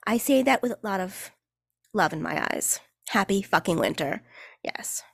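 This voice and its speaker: A woman's voice: mid-range voice, expressive, moderate pace, gravelly, breathy edge, no echo, studio quality. A woman, hosting her own podcast in casual, sarcastic chat, full of fillers and casual swearing. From New York. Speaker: podcast host and cheerleading coach.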